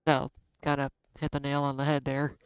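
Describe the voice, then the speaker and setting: A man giving a casual tarot card reading, chatty and self-deprecating, thinking out loud. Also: mid-range voice, completely flat delivery, normal speed, smooth, no echo, low-quality recording. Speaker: tarot reader.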